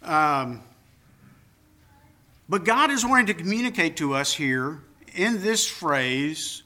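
A man's voice: on the high side, big pitch swings, slow, long pauses, sharp tone. An older man preaching a sermon, earnest and emphatic, with personal asides. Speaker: pastor.

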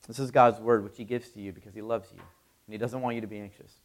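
A man preaching a sermon in a conversational way, with fillers, growing louder and more forceful when he reads scripture aloud. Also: fairly low pitch, fairly even intonation, fast talker. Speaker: pastor.

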